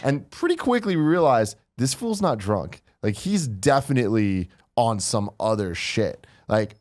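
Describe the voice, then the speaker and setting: A man hosting a podcast, telling a story in an animated, casual way, swearing freely and acting out the quotes. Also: mid-range voice, unhurried. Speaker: podcast host.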